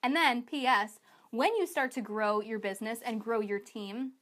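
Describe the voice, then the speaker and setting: High-voiced, energetic woman coach. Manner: energetic, emphatic, chatty; acts out clients in quick asides. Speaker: business coach. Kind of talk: online sales training talk.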